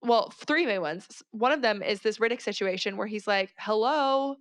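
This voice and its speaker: Smooth-voiced animated woman podcaster. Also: medium pitch, fairly quick. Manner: animated, exasperated asides. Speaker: podcast co-host. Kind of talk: casual book discussion.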